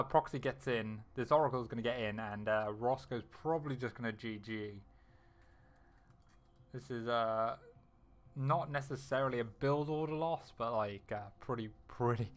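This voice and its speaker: Excitable young man casting a live game. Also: medium pitch. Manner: excitable, quick reactions, frequent laughs. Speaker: esports caster. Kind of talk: solo live game commentary.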